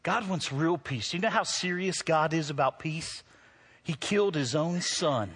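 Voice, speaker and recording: A male pastor preaching a sermon to his congregation. He swings between loud, lively moments and hushed ones, and teases his listeners as he talks straight to them. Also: a little high, measured pace, breathy edge.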